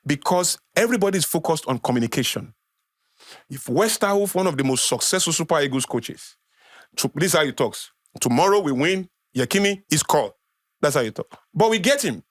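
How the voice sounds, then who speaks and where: A middle-aged Nigerian-accented man, guesting on a podcast, talks passionately and briskly, lecturing and repeating phrases to hammer his points home. His voice is a little high for a man and swings widely in pitch. The recording is dry and close, with no room echo.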